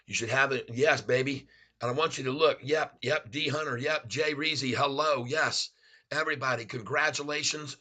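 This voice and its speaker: A man hosting a live day-trading stream, excitedly calling out prices, placing orders and greeting viewers as "folks.". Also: mid-range voice, moderate pace. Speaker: stock trading livestream host.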